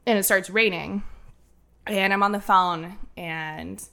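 A woman in her thirties from Ohio tells a story as a guest, animated and quick to laugh. Her voice is bright and crisp, sitting at an ordinary middle pitch. She talks casually and throws in the odd curse. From Ohio, USA.

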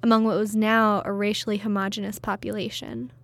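A woman's voice: mid-range voice, little pitch movement, brisk, dry recording. A woman reporter giving scripted narration in a conversational, explaining way.

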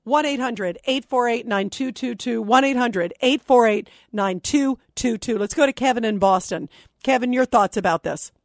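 A woman's voice: on the high side, moderate pace, no room sound. A woman hosting a call-in talk radio show, speaking in an impassioned, outraged and emphatic way into a studio microphone. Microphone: studio microphone, dry.

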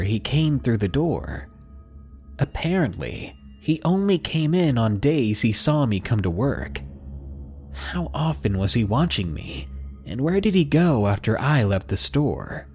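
A man's voice: mid-range voice, a little mellow. A man reading out a submitted story as scripted narration, with a dry, sardonic manner.

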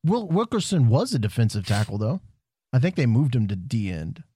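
A man's voice: medium pitch, very animated, moderate pace, mellow, slight background noise. A man co-hosting a podcast, blunt and contrarian in casual banter. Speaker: podcast co-host.

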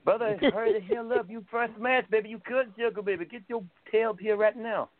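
A man's voice: high voice, steady tone, fairly quick, no room sound, pitched above the performer's own voice, close to an everyday voice. A man doing a brash drawling wrestling star. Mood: scolding. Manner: drawling, calls people brother and baby. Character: brash swaggering male wrestling star impression. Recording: tinny phone-like sound.

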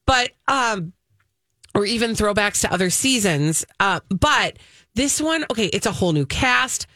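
A woman's voice: mid-range voice, unhurried, dry recording. Chatty woman co-host, dry studio sound. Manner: animated, teasing build-ups with many fillers. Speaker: radio co-host. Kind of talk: casual morning show chat.

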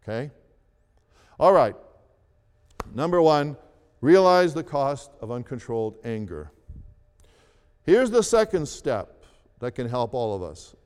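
Slow, deliberate preaching man in a hall. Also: medium pitch, very animated, a little mellow, clear, resonant tone. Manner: slow, deliberate preaching with repeated phrases and emphatic rises. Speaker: pastor. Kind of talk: sermon. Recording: long reverb of a large hall.

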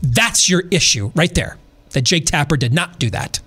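A middle-aged podcast host talks at a normal speed in a fairly high, husky voice that is animated and fairly bright. His political commentary is preachy and passionate, loaded with rhetorical questions.

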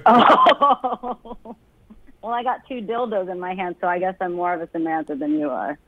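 A woman's voice: on the low side, a little slow, dry recording, phone-quality sound. A young woman calling into a comedy show, brash and profane, laughing often. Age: young adult. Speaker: caller. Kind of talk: crude comedic call-in banter.

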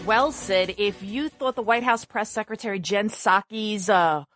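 A woman's voice: mid-range voice, measured pace, fairly bright tone, soft background music. A woman reporting for a radio station, delivering indignant, sarcastic news commentary.

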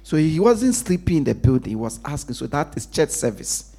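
A male pastor preaching with a husky edge and a pitch that swings widely. He asks the congregation to finish his sentences, and he sinks to a near whisper when he stresses a point. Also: a little fast. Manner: call-and-response preaching, lively pitch, drops to a hush for emphasis. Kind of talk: sermon.

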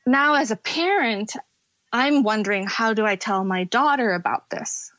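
A woman's voice: on the high side, a bit bright, no echo. Candid woman guest, slightly muffled. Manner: candid, tearful at times, halting. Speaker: podcast guest. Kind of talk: emotional personal storytelling.

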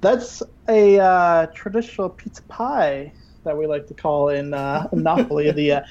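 A man's voice: fairly high pitch, a little slow, darkish tone, dull audio. Chatty man doing a playful mock cooking demo. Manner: playful, rambling with many fillers. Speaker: guest cook. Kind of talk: improvised mock cooking show chat.

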